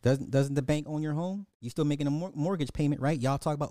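A man rants into a podcast mic, mocking and scolding his audience with heavy profanity. His voice sits a little high for a man. The sound is dry and close, with no room around it. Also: fast talker, few pauses, warm tone, no room sound. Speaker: podcast host. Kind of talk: ranting social commentary.

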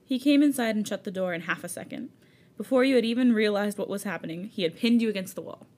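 A woman's voice: mid-range voice, fast talker, a little mellow. Woman, podcast co-host, casual read-aloud, giggly. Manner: giggly, breaks into laughter while reading. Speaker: podcast co-host reading fan fiction. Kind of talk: casual reading aloud with banter.

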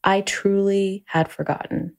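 Expressive woman telling a story. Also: medium pitch, measured pace, creaky. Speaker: mother sharing a story. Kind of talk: casual anecdote.

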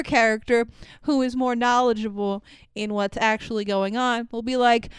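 A woman co-hosting a casual movie review chat, animated and swearing, playing up her confusion and acting out the characters. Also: on the high side, moderate pace, smooth, no echo. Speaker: podcast co-host.

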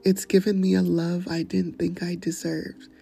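A woman hosting a podcast, speaking gently and often slipping into a breathy near-whisper as she shares encouragement and poetry. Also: fairly low pitch, flat delivery, normal speed, soft background music. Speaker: podcast host. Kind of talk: gentle motivational talk and poetry reading.

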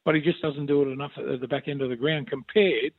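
A man's voice: mid-range voice, fairly even intonation, fast, vocal fry, no echo. Rambling Australian man on a tinny phone line. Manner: rambling, warm storytelling full of restarts and "mate". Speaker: former player and regular pundit. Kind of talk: casual sports radio chat.

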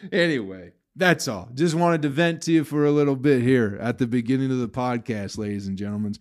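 A man's voice: mid-range voice, brisk, hardly any pauses, darkish tone, no room sound, studio quality. A man hosting his own podcast, venting in a profane, bitter, rambling way about the comedy business. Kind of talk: casual solo podcast rant.

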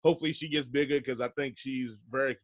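A man hosting a casual music chat, relaxed and slangy, laughing often. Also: medium pitch, fast talker. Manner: laid-back slangy talk, laughs often. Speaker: podcast host.

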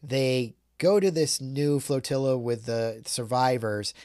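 A man's voice: medium pitch, takes it slowly, darkish tone, dry recording, studio quality. A man casually recapping a film plot on a podcast, swearing and rambling. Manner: profane, rambling recap with quoted asides. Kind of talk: casual chat.

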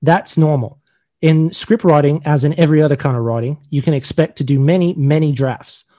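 Brief: man doing a rough mock Australian read, a touch high, halting delivery. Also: warm tone, no room sound, lightly acted. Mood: earnest. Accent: Australian, put on. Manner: halting, stumbling over words. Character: man reading a statement in a mock Australian accent.

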